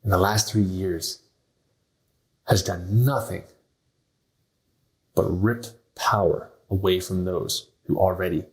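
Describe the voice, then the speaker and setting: A man's voice: low-pitched, steady tone, slow pace, pauses often, rough recording. A man hosting a health podcast, talking bluntly and emphatically, often acting out what others say. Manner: blunt, emphatic, acts out quoted voices. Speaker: podcast host. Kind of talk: motivational health talk.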